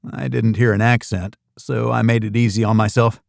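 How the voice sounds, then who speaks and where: A man narrating a thriller audiobook in the first person, in an even, measured reading. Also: fairly low pitch, gravelly, dry recording, clean studio sound.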